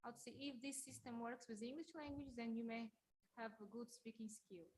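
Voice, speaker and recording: A woman's voice: fairly high pitch, a little fast, a little mellow, slight background noise. A woman teacher trainer with an Uzbek accent questions participants and gives feedback, rephrasing in Uzbek. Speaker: teacher trainer leading the session.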